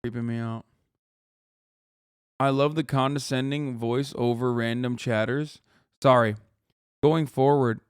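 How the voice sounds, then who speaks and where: A man's voice: medium pitch, fairly even intonation, a little slow, long pauses, clean tone, no echo, clean studio sound. A man in his thirties, a live streamer, ranting sarcastically with heavy swearing in casual commentary.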